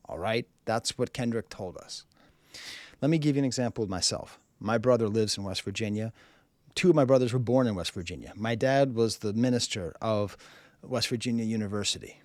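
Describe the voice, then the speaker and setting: A man's voice: lowish voice, moderate pace, no echo. A man from Boston hosting a music review show, talking in a rambling way full of "you know" and "uh". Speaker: music review show host, French professor. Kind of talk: casual video commentary.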